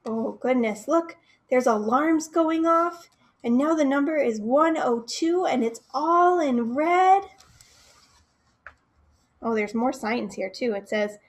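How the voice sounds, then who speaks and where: A woman's voice: high-pitched, takes it slowly. A young woman, a children's librarian, reading a picture book aloud at storytime, talking right to the kids and asking them questions. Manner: expressive, talks straight to the kids, asks them questions.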